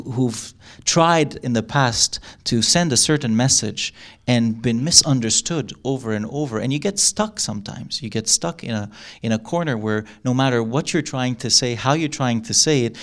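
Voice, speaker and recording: A middle-aged man speaking to a live audience in an ordinary, mid-range voice. He talks in an animated way, acting out quoted lines and laughing often. His delivery is loose and conversational. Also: mid-range voice. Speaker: workshop speaker.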